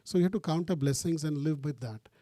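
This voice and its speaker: Priest man telling a story in a sermon, kinda high mellow voice, dry sound, acts out the convos. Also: fast talker, dry recording. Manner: animated, acts out phone dialogue, mixes in Hindi phrases. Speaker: priest giving a retreat talk.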